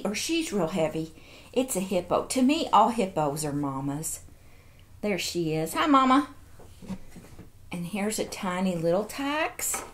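A woman, chatting casually while unboxing toys and cooing over each one. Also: mid-range voice. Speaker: toy collector vlogger.

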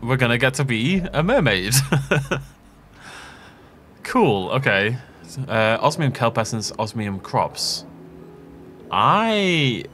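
A man's voice: medium pitch, fairly bright tone, a little hiss or hum. A man giving casual, jokey let's play commentary, rambling through asides and laughing often. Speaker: gaming channel host. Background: game music.

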